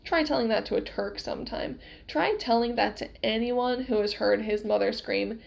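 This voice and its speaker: A woman reading a novel aloud with expressive storytelling. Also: a little high, moderate pace, vocal fry, hardly any pauses, poor audio. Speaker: reader.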